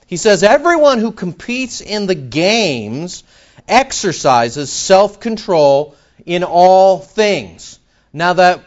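A male pastor preaching in a church. He is animated, with sudden loud outbursts and mock back-and-forth dialogue. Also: high voice, dull audio. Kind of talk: sermon.

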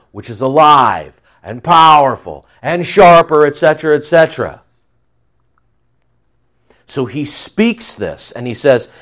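Middle-aged male preacher, mid-pitched, animated delivery, chatty asides between scripture readings. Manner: conversational, emphatic preaching with asides. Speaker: pastor. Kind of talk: sermon.

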